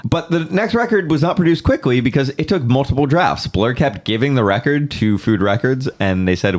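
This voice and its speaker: A man's voice: lowish voice, very animated, a little fast. A man hosting a casual music podcast, telling a band's history with jokey asides. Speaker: podcast host.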